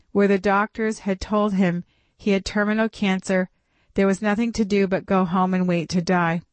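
A woman narrating a memoir audiobook in a measured, steady reading voice, close to the mic. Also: medium pitch, no room sound.

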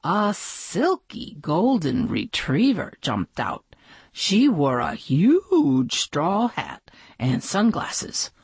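A woman narrating a children's picture book aloud with gentle, expressive storytelling. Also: medium pitch, extremely slow, creaky, slightly rough, no echo.

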